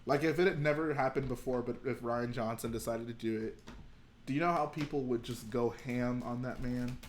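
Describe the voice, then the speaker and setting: A man hosting a livestream from home, chatting in a loose, rambling way as he works. His voice sits at an ordinary middle pitch, and he thinks aloud as he goes. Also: fairly even intonation, a little fast, a little hiss or hum. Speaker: livestream host. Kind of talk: casual chat while building.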